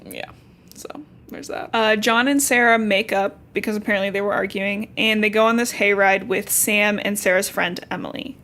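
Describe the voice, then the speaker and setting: A woman's voice: mid-range voice, steady tone, moderate pace, hardly any pauses, a bit bright. A young woman from Cincinnati hosting a podcast, recapping a novel in casual, slangy chat with swearing asides. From Cincinnati, Ohio. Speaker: podcast host.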